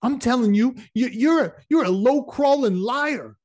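A man reading aloud voices an angry young homesteader who shouts back defiantly. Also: very high voice, lively intonation, a little slow, pitched above the performer's own voice. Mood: furious.

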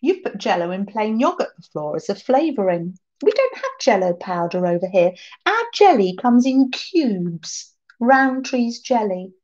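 A woman's voice: mid-range voice, very animated, unhurried, darkish tone, dull audio. A woman hosting a craft livestream, chatting casually, reading out viewer comments and laughing often.

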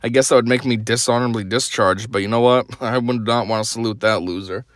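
A man's voice: mid-range voice, fairly even intonation, fast, dry recording. A young man hosting a podcast, delivering a blunt, sarcastic opinion rant. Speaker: podcast host.

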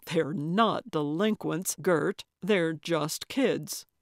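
A woman narrator voicing a skeptical, grumbling male companion, dropping her voice lower with a dry, unhurried delivery. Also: dry recording, exaggerated voice.

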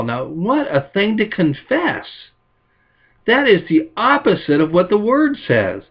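A man preaching a sermon as pastor, telling stories and acting out quotes with lively emphasis. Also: high-pitched, measured pace, slightly rough, highs cut off.

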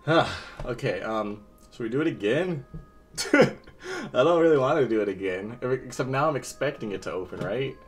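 A man's voice: medium pitch, animated, normal speed. A man talking through a toy unboxing to viewers, exasperated and jumpy, breaking into laughter. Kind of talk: casual unboxing commentary.

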